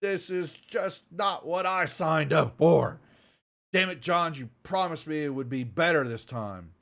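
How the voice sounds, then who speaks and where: A man voicing a small, strong, hostile woman soldier who yells and swears at her crewmates. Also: a little high, a little slow, gravelly, pitched above the performer's own voice. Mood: angry yelling. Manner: yelling, swearing, bitter.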